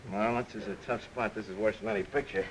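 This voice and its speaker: A man's voice: fairly low pitch, fairly even intonation, fast talker, a little hiss or hum, poor audio. A man from New York, an actor answering interview questions in a modest, joking way and telling a story. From New York City. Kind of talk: casual interview.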